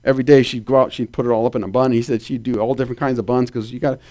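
A man preaching a sermon, telling stories in an animated way and asking the congregation to say amen. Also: medium pitch, very fast. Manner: animated storytelling with calls for amen.

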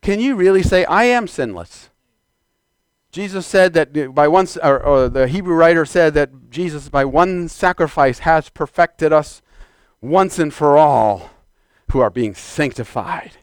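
A man preaching a fervent sermon in a church, exhorting the congregation and shouting declarations. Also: a little high, lively intonation, unhurried, clear, resonant tone, dry recording, clean studio sound.

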